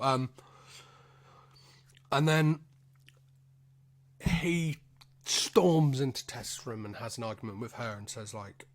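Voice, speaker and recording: A man's voice: medium pitch, steady tone, takes it slowly, long pauses. Rambling, swearing male podcast host. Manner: loose and rambling, swears freely, self-deprecating asides. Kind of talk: casual solo film recap podcast.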